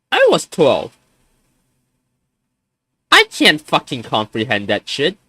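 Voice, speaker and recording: A man's voice: medium pitch, huge pitch swings, slow pace, long pauses, bright, forceful tone, breathy edge, no echo. A young man in his twenties venting on a live stream, frustrated and swearing, often stumbling and restarting his sentences.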